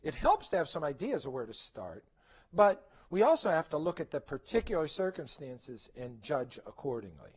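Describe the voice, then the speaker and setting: A man's voice: on the high side, big pitch swings, moderate pace, slightly rough. A middle-aged man presenting at a conference, lecturing parents in a conversational way, often asking rhetorical questions and checking in with "okay?".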